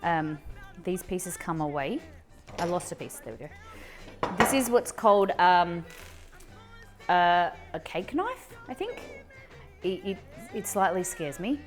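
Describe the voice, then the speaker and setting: Woman chatting away on a cooking stream, lots of ums and restarts, soft music under her. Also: lowish voice, sing-song, slow pace, pauses often. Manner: chatty, rambling, with frequent fillers and restarts. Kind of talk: casual chat while cooking. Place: home kitchen.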